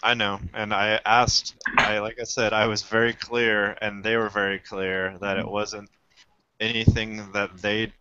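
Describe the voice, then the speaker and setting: A man calmly recounting his experience in a casual panel chat. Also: on the low side, unhurried, very noisy. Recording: dry, dull lo-fi audio.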